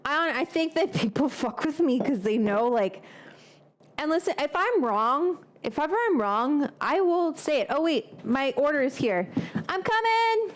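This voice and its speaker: A woman's voice: high-pitched, animated, normal speed, a little hiss or hum. A woman hosting a cooking live stream from a home kitchen, talking in a loose, rambling, chatty way with casual swearing and drifting off onto tangents.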